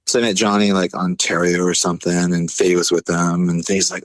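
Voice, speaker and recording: A man telling a story casually, laid-back, full of fillers, acting out quotes in a higher voice. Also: moderate pace, dry recording. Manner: animated, acts out quotes in a higher voice. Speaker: podcast guest.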